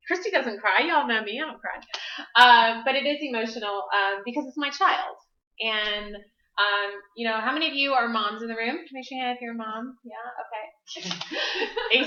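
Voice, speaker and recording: A chatty woman tells personal stories to a small meeting room, laughing as she goes. Her voice is bright and a little high. The sound is echoey and dull, like a lo-fi live stream. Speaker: network marketing presenter.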